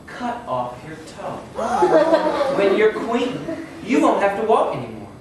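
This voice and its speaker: A man voicing a cold, ruthless stepmother who gives hushed, commanding orders. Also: sits high, wildly swooping pitch, measured pace, a loud crowd, voice pushed up, full character voice. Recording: echoey room, distant mic, noisy.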